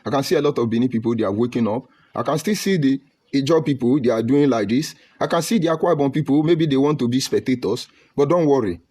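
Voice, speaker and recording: Husky man preaching politics. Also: medium pitch, quick pace, warm tone. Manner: preaching, rhetorical, emphatic lists. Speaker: political speaker. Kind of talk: impassioned political speech.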